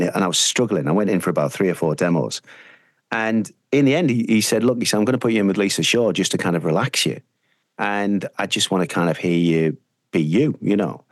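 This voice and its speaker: Husky-toned Teesside man telling anecdotes. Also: lowish voice, expressive, fast talker, no room sound, studio quality. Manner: rambling, anecdotal, frequent fillers. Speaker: radio presenter, guest. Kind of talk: casual interview storytelling.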